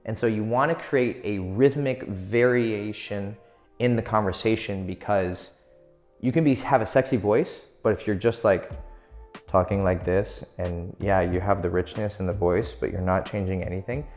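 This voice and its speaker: A man's voice: lowish voice, normal speed, darkish tone, faint music behind. A man giving casual dating advice to camera, swearing freely and playfully shifting his tone to demonstrate. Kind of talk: casual advice monologue for video.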